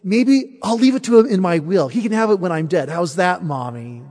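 A man's voice: high voice, animated, moderate pace, darkish tone, in a large hall. A man voicing a seven-year-old boy who pleads, wheedles and bargains to keep his favorite toy. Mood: pleading.

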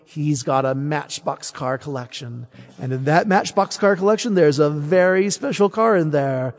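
Man doing a young boy of seven, high childish voice, pleading, wheedling, long hall echo. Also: lively intonation, normal speed. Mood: scheming. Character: seven-year-old boy, clingy, bargaining.

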